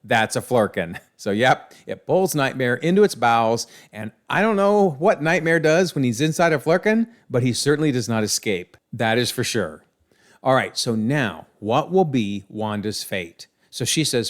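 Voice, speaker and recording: A man's voice: mid-range voice, normal speed. Chatty man recapping comics. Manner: chatty and animated, recapping with asides. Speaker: comics commentator. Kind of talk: casual video commentary.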